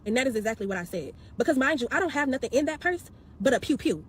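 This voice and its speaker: A woman retelling a bad experience in an animated, slangy, exasperated storytime style, acting out what people said. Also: high-pitched, fast talker, a little hiss or hum. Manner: expressive, slangy, exasperated, acts out quotes. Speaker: storyteller vlogger.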